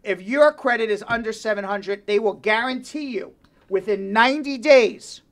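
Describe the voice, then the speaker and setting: A man's voice: sits high, moderate pace, a bit bright. A man hosting a live radio talk show, joking and reading ads with repeated phone numbers.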